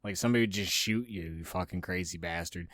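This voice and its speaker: A man's voice: sits low, fast talker, a bit bright. A man hosting a podcast, ranting casually and profanely, mocking others in raised voices. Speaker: podcast host. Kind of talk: casual opinionated monologue.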